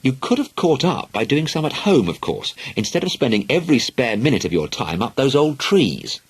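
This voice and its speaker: A man voicing a brisk, bossy mother who scolds her daughter sharply and sarcastically. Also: medium pitch, sing-song, husky, pitched above the performer's own voice. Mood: brisk, scolding.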